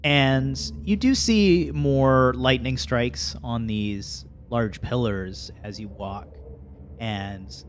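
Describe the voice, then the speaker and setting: A man narrating a tabletop game as game master, in a slow, hushed storytelling manner. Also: medium pitch, a little hiss or hum.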